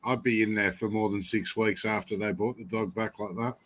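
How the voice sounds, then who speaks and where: A man's voice: fairly low pitch, steady tone, brisk, fairly bright tone. A man, co-hosting a casual podcast and making blunt, offhand remarks. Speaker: podcast co-host.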